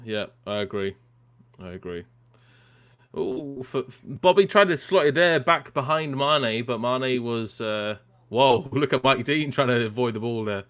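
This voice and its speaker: A man's voice: medium pitch, expressive, a little slow, a bit bright. A man co-hosting a live football watchalong, reading viewer comments aloud and laughing often between remarks. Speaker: watchalong co-host. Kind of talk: casual live match chat.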